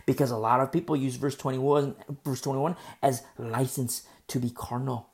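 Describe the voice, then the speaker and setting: A woman's voice: very deep voice, steady tone, normal speed, a little mellow. A woman preacher giving a verse-by-verse Bible teaching. She is emphatic and rhetorical, repeats key phrases and keeps asking "You see?".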